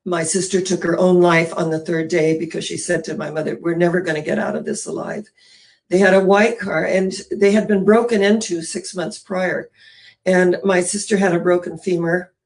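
A middle-aged woman minister telling an emotional personal story in a sermon, earnest and dramatic with pauses. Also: lowish voice, steady tone, darkish tone.

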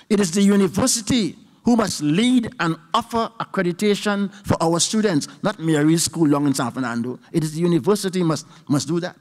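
A man with a Trinidadian accent delivers an emphatic speech to an audience, his voice sitting a little high. He drags out his key points slowly and repeats them. The sound carries a long reverb from a large hall. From Trinidad and Tobago. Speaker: university professor giving a budget response.

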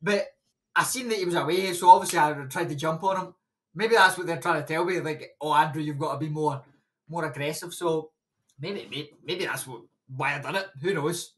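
A man's voice: fairly high pitch, normal speed, fairly bright tone. A young Scottish man, a boxer, chatting loosely in an interview and rambling through stories with frequent laughs. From Scotland. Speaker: boxer, guest. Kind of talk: casual interview chat.

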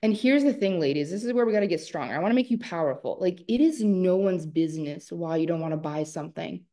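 Animated, emphatic woman coach. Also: fairly low pitch, fast talker. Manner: animated, emphatic, laughs often. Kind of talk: live online masterclass talk.

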